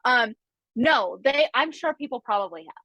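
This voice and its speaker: Podcast co-host, woman, high and expressive, chatty storyteller, dry close sound. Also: normal speed, no room sound, low-quality recording. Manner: animated, chatty, with frequent asides. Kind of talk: casual chat, storytelling.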